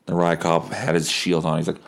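A man's voice: sits low, a little fast, creaky. A man hosting a podcast, telling a profane, laughing story from his bed and acting out the people in it. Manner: profane, laughing, animated anecdote with voice impressions. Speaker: podcast host. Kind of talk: casual storytelling.

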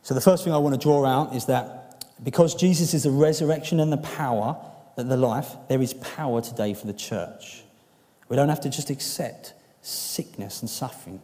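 Male preacher, mid-pitched, mellow, earnest sermon delivery with quiet intimate turns, church hall echo. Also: normal speed. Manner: earnest, building to emphatic peaks then softening to quiet, intimate appeals. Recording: long reverb of a hall.

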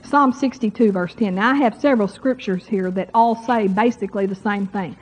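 A woman's voice: medium pitch, fairly quick, hardly any pauses. A woman preaching a sermon to a congregation in a folksy, chatty way, speaking straight to the crowd. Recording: dull lo-fi sermon recording.

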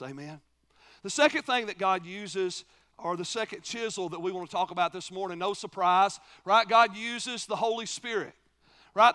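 High, bright-voiced preaching man. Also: clean tone. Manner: preaching with rhetorical questions to the congregation; swings from loud emphasis to hushed, low delivery. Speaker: pastor. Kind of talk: sermon.

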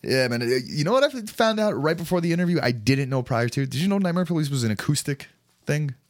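A man's voice: a little high, lively intonation, quick pace, no echo. A man co-hosting a casual podcast, swearing freely and joking with his co-host. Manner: profane, jokey, bursts into loud mock voices. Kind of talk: casual banter.

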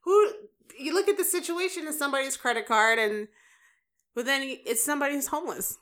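A woman co-hosting a podcast, chiming in casually with quick remarks. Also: high voice, a bit bright. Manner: chimes in with quick remarks and laughs. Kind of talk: casual chat.

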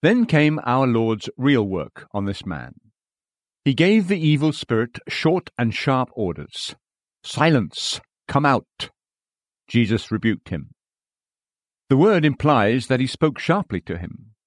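A man's voice: medium pitch, sing-song, a little slow, no echo, clean studio sound. A man reading a sermon aloud in an earnest, exhorting manner.

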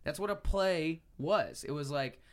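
A man's voice: fairly high pitch, unhurried. A young man, a stand-up comedian, chatting on a podcast in a chummy, profane way and laughing often. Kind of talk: casual chat.

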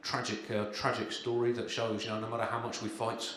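A man doing a stand-up comedy set with a dry, halting delivery full of ums and uhs, performed live. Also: medium pitch, little pitch movement, fairly bright tone, a little hiss or hum. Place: live comedy venue, in front of an audience. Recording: echoey live room with crowd.

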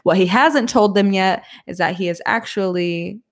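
A woman talking through a film with friends in loose, unscripted chat. She recaps scenes with blunt opinions and plenty of swearing. Her pitch sits in an ordinary middle range for a woman. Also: moderate pace. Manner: blunt, profane, animated retelling of scenes. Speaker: podcast panelist discussing a film. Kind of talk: casual chat.

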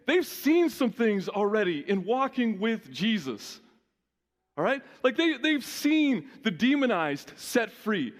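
High-voiced man preaching in an echoey hall. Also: slow pace. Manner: lively, conversational preaching with frequent restarts. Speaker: pastor. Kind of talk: sermon.

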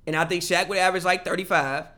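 A man's voice: high-pitched, steady tone, quick pace, bright, forceful tone. A man co-hosting a casual sports podcast, arguing in a playful way. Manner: playful, laughing, argumentative. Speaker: podcast co-host.

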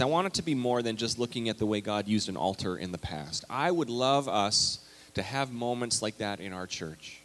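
A man's voice: on the low side, fairly bright tone. A man preaching a conversational, story-filled sermon as pastor of a church. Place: church sanctuary. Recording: long hall reverb.

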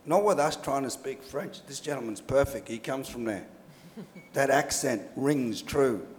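A man's voice: medium pitch, animated, a little slow, slight background noise. A man with an Australian accent, speaking bluntly and emphatically on a forum panel, telling stories with dry humor. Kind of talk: panel discussion. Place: lecture hall at a public forum. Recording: reverberant lecture hall.

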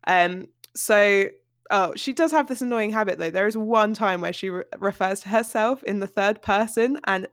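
A chatty woman co-hosts a casual book podcast. She talks in an animated way and laughs often. Her voice sits at a middle pitch and sounds dry and close. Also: normal speed, no echo. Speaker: podcast co-host.

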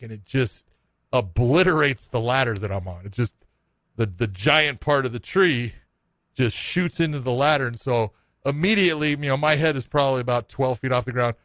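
Middle-aged man, casual profane storyteller, mid pitch, dry sound. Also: a bit bright, dry recording. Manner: rambling, profane, self-mocking.

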